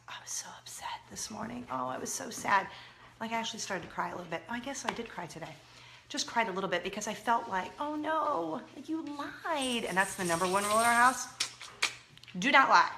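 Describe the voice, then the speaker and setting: Chatty, bright-voiced mom vlogger. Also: female voice, fairly high pitch, slight background noise. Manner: chatty and expressive, swinging from loud to hushed. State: injured, in a leg cast. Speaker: parenting vlogger. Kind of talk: casual chat to camera.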